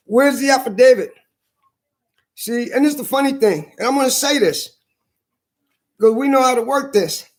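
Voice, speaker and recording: A man with a strikingly high voice rants with anger and plenty of profanity. He drives each point home by repeating it and slowing down to stress single words. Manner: angry, profane, emphatic repetition; slow hammering emphasis on key words. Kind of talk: heated monologue to camera.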